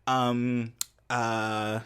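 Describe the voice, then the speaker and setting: A man co-hosting a podcast, recapping a film scene in casual chat, animated, laughing often and acting out the characters' lines. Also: mid-range voice, extremely slow, smooth. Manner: animated storyteller, laughs often, acts out quotes. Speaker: podcast co-host.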